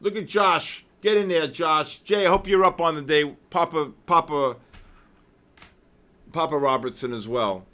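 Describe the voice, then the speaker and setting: Man, slightly higher voice, excitable live trading-stream host, shouts viewer names, heavy jargon, swings to tired mutters. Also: measured pace. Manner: drops to low, weary muttering while reading questions. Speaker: day trader hosting a live trading session.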